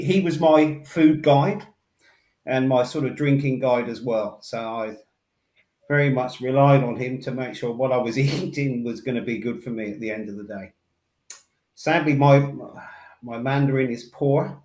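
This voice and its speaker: An Englishman with a Somerset West Country accent giving a relaxed, rambling webinar presentation over a video call, with fillers and restarts. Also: medium pitch, echoey room. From England. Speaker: building technologies manager presenting a webinar.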